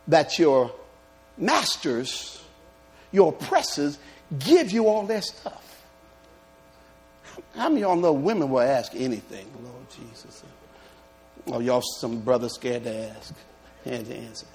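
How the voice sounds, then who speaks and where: A man preaching a lively sermon, telling humorous stories and calling out to his congregation. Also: a little high. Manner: animated preaching with humorous stories and call-outs. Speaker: pastor.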